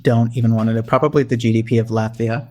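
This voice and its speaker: A man's voice: mid-range voice, fairly even intonation, fast, dark tone. A man co-hosting a podcast, with a wry, theatrical manner and sarcastic rants. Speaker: podcast co-host. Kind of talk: casual chat.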